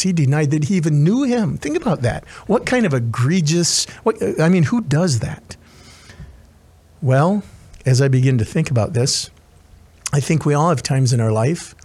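A man's voice: medium pitch, a little mellow, husky. A man preaching as a chaplain, retelling a scripture story earnestly with frequent restarts and asides. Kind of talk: sermon.

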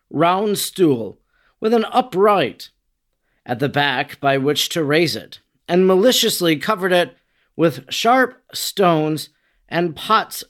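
Man reading aloud in a solemn voice. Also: on the high side. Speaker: narrator. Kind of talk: reading a devotional book aloud.

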